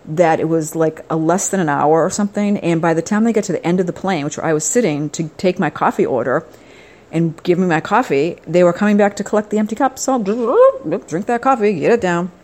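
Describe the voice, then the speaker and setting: Fairly quick and darkish in tone, the lowish voice of an older female podcast host comes through poor audio. In a casual travel-vlog monologue, she chats wryly and rambles about her trip, moving from outdoors to indoors.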